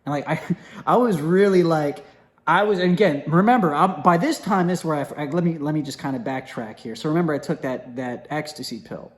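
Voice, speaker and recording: A young man telling a story in a casual, animated way, acting out what others said, with many fillers and restarts. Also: a little high, fairly quick.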